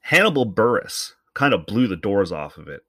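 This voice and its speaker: A man from Canada delivers a solo comedic rant, talking in a fairly low voice. He swears freely and thinks aloud, circling his point before landing it. The sound is dry and close, with no room echo. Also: sing-song, normal speed, fairly bright tone. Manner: profane, rambling, thinking aloud. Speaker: commentator.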